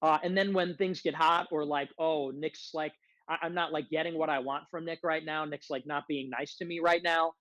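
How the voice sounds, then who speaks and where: A man delivers a heated, profane rant full of grievance, his voice sitting on the high side. The recording is dull and lo-fi, with a dry, close sound and no room echo. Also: steady tone, moderate pace, a bit bright. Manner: angry, profane, aggrieved, repeats phrases. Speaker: political streamer guest.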